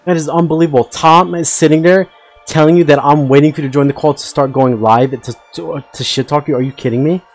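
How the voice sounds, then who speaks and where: A man's voice: fairly high pitch, fairly even intonation, quick pace, faint music behind. A man hosting a live stream, arguing heatedly and insistently, repeating the other man's name. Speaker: streamer host.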